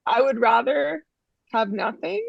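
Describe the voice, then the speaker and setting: Canadian woman, guest, gravelly and a bit high, frank and emphatic, dry lo-fi audio. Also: animated, unhurried, no room sound. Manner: frank, emphatic, many restarts and "you know". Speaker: interview guest. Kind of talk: casual interview talk.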